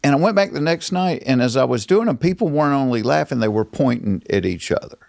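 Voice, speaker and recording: A middle-aged man with a Georgia Southern accent, telling stories as a comedian guest in a casual chat, animated and jumping up in pitch when he acts out quotes. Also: fast talker, vocal fry, dry recording, studio quality.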